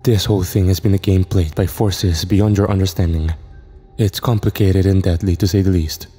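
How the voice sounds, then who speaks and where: A man voicing the Horseman of Death, a commanding supernatural being who speaks slowly, gravely and with authority. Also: deep voice, fairly even intonation, dark tone. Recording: reverb with faint music.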